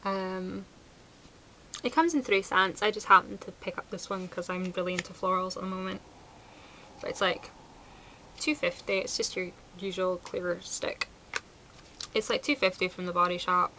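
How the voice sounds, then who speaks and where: A woman's voice: lowish voice, steady tone, normal speed, pauses often, pushed and bright, slight background noise, rough recording. A woman chatting casually through a product review, enthusiastic and sprinkled with fillers. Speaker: beauty vlogger.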